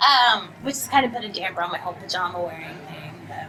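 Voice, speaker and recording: A young adult woman, a voice actress, telling bubbly, animated stories at a convention press conference. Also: on the low side, rough recording. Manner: bubbly, animated storytelling with quick asides. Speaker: voice actress and anime script writer, guest. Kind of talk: casual press conference answers. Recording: music playing in the background.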